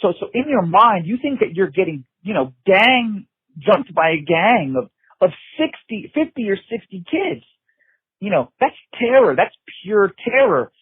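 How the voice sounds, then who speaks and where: With a high, very animated voice that's a little slow and breathy, a middle-aged interview guest recounts his past over the phone with no room sound. The recollection is intense and emphatic, marked by repetition, restarts, and plenty of "you know."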